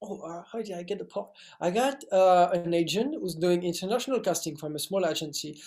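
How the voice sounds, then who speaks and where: A man's voice: high-pitched, a little fast, darkish tone. A young man from France with a French accent, answering interview questions in a hesitant, filler-heavy way. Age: young adult. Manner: hesitant, many fillers and restarts. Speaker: actor guest.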